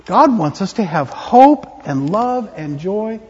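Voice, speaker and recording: High-voiced pastor giving a children's sermon. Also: male voice, very animated, slow, slightly rough. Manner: playful, interactive, gently teaching. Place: church sanctuary. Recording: echoey church hall, dull lo-fi.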